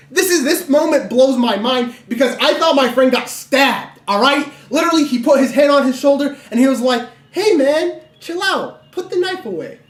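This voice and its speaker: A young man streaming live, telling a story in a casual, animated way, full of "literally" and "right?". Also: very high-pitched. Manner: animated, conversational, lots of fillers like "literally" and "right?".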